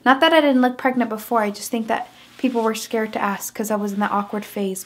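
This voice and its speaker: A woman's voice: mid-range voice, steady tone, normal speed. A young woman talking openly in a casual personal vlog, rambling and restarting often. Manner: candid, rambling, with many restarts and "like". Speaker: vlogger.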